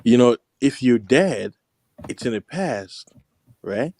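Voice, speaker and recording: A man chatting casually on a podcast, close to the mic, often breaking into giggles and high impressions. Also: animated, slow, warm tone, dry recording. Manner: giggly, keeps breaking into laughter and falsetto impressions.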